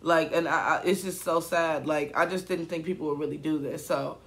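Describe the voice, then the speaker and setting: A man's voice: fairly high pitch, fairly even intonation, normal speed, fairly bright tone. A man in his twenties, a YouTuber, telling a rambling, upset story in a casual vlog, full of fillers and restarts. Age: 20s. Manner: upset, emotional.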